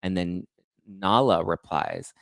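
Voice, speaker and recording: Man, very low voice, gossip show host, sassy and sarcastic, dry close sound. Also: expressive, slow pace, creaky, fairly bright tone, dry recording. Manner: sassy, sarcastic asides while reading texts aloud. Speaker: pop culture podcast host. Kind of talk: gossipy reality TV commentary.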